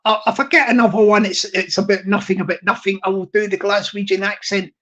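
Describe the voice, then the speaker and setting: A woman's voice: mid-range voice, steady tone, fast talker, few pauses, a bit bright. A woman hosting a casual live stream, chatting in a rambling way and laughing often while reading the chat. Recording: dull lo-fi stream audio.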